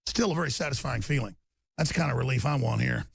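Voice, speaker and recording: A male radio host delivering an impassioned rant, intense and repetitive, breaking into shouting. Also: medium pitch, lively intonation, quick pace, vocal fry, slightly rough, dry recording, studio quality.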